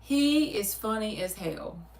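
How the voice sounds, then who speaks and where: A woman with a Southern US accent hosts a laid-back livestream, reading viewer comments aloud and answering each one in a chatty, animated way. She laughs easily and her voice sits in the middle of the range. She is set back from the mic, and the room adds a roomy echo. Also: medium pitch, slow pace, distant mic. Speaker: tarot reader hosting a livestream. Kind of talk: casual livestream chat with viewers. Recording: roomy sound, speaker away from the mic.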